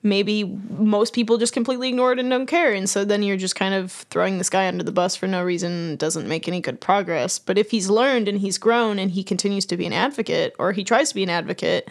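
A woman's voice: medium pitch, quick pace, vocal fry, few pauses. A woman co-hosting a podcast in casual chat, rambling and giggling as she talks. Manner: chatty, giggly, rambling with fillers. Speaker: podcast co-host.

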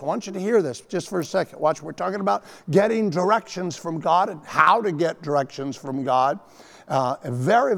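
A man preaching a sermon as pastor, emphatic and animated, often repeating his phrases for weight. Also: a little high, vocal fry. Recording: long reverb of a large hall.

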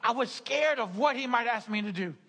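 Middle-aged male pastor, sermon, stammering restarts, high bright voice. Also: expressive, a little fast, vocal fry, breathy edge. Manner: repetitive, stammering restarts, laughing asides. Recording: hall reverb.

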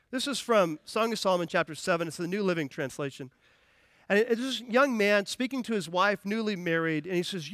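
A man preaching a sermon as pastor, energetic and playful, acting out voices with humor. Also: sits high, moderate pace, no echo, studio quality. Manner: energetic, playful, acts out quotes. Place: church.

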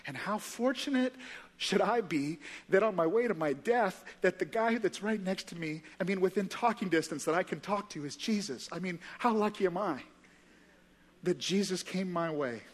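A preacher voicing an awestruck pardoned criminal. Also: male voice, sits high, lively intonation, long reverb tail. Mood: grateful. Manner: marveling, speaks in halting restarts. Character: pardoned male criminal in heaven, awestruck and grateful.

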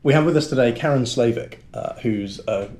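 A man's voice: mid-range voice, darkish tone. Upbeat male podcast host. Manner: upbeat, teasing, quick to laugh along. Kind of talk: casual chat, interviewing.

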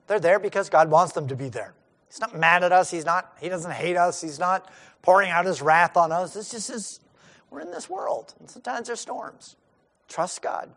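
A man's voice: sits high, gravelly, fairly bright tone. A middle-aged male pastor giving a sermon in a conversational way, acting out the lines of the disciples.

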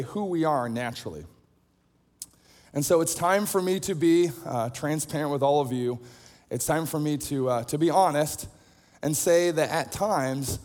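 A man preaching a sermon, telling everyday stories in a chatty, self-deprecating way. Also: on the high side. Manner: conversational storytelling with self-deprecating humor. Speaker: pastor. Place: large auditorium. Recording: long hall reverb.

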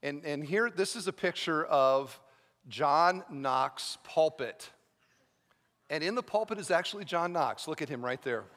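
A man's voice: fairly high pitch, lively intonation, a little slow, a bit bright. A man preaching a sermon as pastor, moving from chatty storytelling to fervent, earnest preaching. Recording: long reverb of a large hall.

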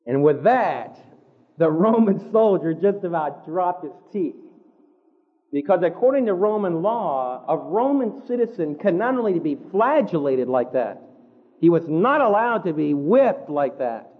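A man delivers a sermon in a high voice, building a story with vivid detail and slowing down to stress key words. The sound is thin and narrow, like a phone line. He breaks into quick asides to his listeners between the story beats. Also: sing-song. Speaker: pastor.

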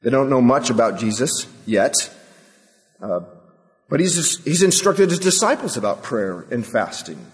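A man's voice: mid-range voice, big pitch swings, unhurried. Emphatic preacher man in a reverberant hall. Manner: rhetorical questions, emphatic. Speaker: pastor. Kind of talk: sermon.

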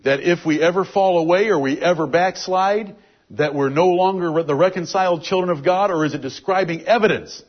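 A man's voice: high voice, fairly quick. A man giving a verse-by-verse Bible teaching, reading out scripture verses and explaining them with emphasis. It is a dull, lo-fi recording.

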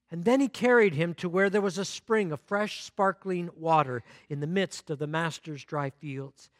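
Bright-voiced male pastor telling a parable. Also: high voice, no room sound, studio quality. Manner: expressive storyteller, repeats words when restarting. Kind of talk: sermon with storytelling. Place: church.

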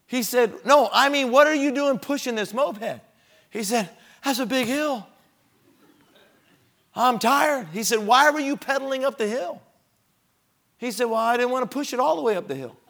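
A man's voice: high voice, fairly bright tone. A man preaching a sermon, telling a personal story and building to emphatic preaching.

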